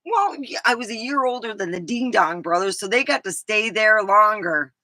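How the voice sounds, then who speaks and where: A woman's voice: medium pitch, moderate pace, bright, forceful tone, no room sound. A woman from California with an English-tinged accent, telling rambling stories with laughs and lots of ums. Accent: English-tinged American. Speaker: vlogger. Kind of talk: casual storytelling.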